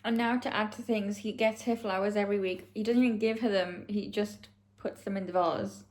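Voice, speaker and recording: In a casual vlog about her current reads, a young book vlogger speaks to camera with gushing emotion and frequent uses of "like." Her mid-range voice is a little mellow and a little fast, with fairly even intonation; the camera mic captures a roomy echo.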